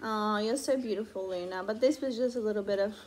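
A woman's voice: medium pitch, darkish tone, faint music behind. A woman hosting her own channel, teasing her partner in a playful mock interview at home. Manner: teasing, playful, quick to laugh. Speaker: channel host and mother.

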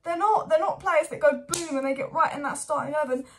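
A young woman with a fairly high voice delivers an exasperated fan rant for her football channel. She fires off rhetorical question after rhetorical question and sounds thoroughly fed up. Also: fast talker, a bit bright, a little hiss or hum. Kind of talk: opinionated fan commentary vlog.

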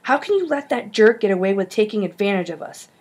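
A woman's voice: mid-range voice, animated, fast, a little mellow, breathy edge. A woman voicing an eager, scheming schoolboy who pleads and insists. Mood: indignant.

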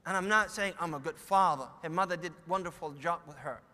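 Man, Somali accent, middle-aged, high voice, echoey hall, sermon storytelling. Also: brisk, bright, forceful tone. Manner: storytelling, acts out quoted dialogue.

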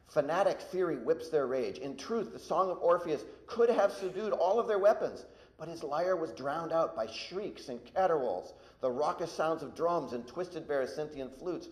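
A man giving a university lecture, reading verse aloud with emphasis and adding asides to the audience. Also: fairly low pitch. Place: lecture hall. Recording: echoey hall.

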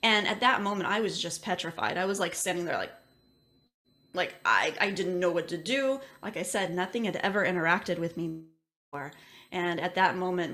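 A woman's voice: on the low side, moderate pace, a bit bright. A woman who is an intuitive medium, telling a personal story casually with many filler words. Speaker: intuitive medium, interview guest.

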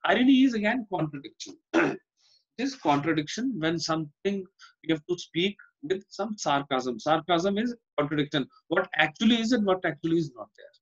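This Indian English-accented male teacher leads an online class in an expressive voice on the high side, speaking at a normal pace. The sound is lo-fi, and his habit is to repeat explanations and often ask "Fine?".

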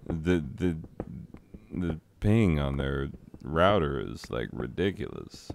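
A man's voice: a bass voice, sing-song, slow, gravelly, slight background noise. A man in his thirties, a teacher, rambling self-deprecatingly while he plays a game and tells a story. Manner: self-deprecating, rambling, breaks into sung asides. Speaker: teacher and gaming vlogger. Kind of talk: rambling casual commentary over gameplay.

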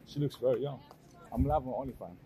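A man's voice: mid-range voice, fast talker, warm tone. A young man, bantering and teasing strangers on a busy in casual vlog style.

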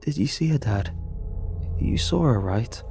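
A man voicing a frantic, horrified young woman who pleads and shouts in panic. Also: medium pitch, expressive, a little slow, gravelly, faint music behind. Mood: hysterical.

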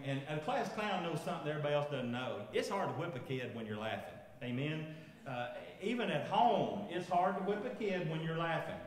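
A man, preaching a sermon and telling a funny story, chuckling as he goes and asking the congregation questions. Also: on the high side. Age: 50s. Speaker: pastor. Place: large echoey church sanctuary. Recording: echoey church hall with long reverb.

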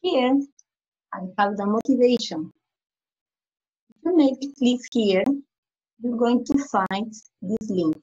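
Woman teacher, spanish first language, talks real slow n repeats stuff for little kids, a bit high pitched. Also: warm tone, breathy edge. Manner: slow, repeats phrases for young learners. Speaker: primary school English teacher. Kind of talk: slide-by-slide lesson explanation. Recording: dull lo-fi recording.

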